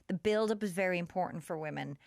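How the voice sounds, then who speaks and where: A woman's voice: on the low side, fast talker, creaky, darkish tone, dry recording, studio quality. A woman with an Irish accent hosting a podcast in casual chat, with frequent restarts and laughs. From Ireland. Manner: chatty, laughing, trailing restarts. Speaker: podcast host.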